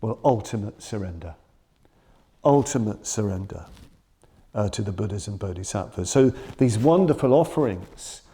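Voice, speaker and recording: A man giving a Buddhist dharma talk in a shrine room, reflective and earnest, dwelling slowly on key words. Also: fairly low pitch, expressive, warm tone, breathy edge. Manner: reflective, earnest, quoting his teacher with slow emphasis. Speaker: Buddhist teacher.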